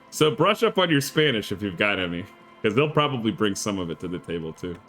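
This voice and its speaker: A man streaming a game, chatting casually with an animated, rambling storytelling manner. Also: on the low side. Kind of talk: casual chat while playing a game. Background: faint game music.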